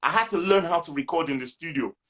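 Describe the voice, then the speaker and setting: A man from Nigeria, a musician guest in a casual interview, telling lively stories and acting out quotes. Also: on the high side, fast talker.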